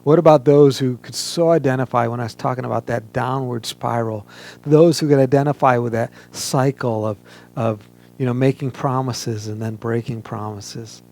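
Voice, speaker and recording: Gravelly-voiced male pastor preaching. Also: medium pitch, fairly even intonation, dark tone, slight background noise. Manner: earnest, measured preaching with emphatic pauses. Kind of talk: sermon. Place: church, streamed online service.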